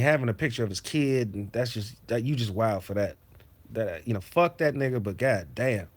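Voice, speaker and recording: A man hosting a casual livestream from his home basement, ranting bluntly and profanely. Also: mid-range voice. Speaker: streamer host.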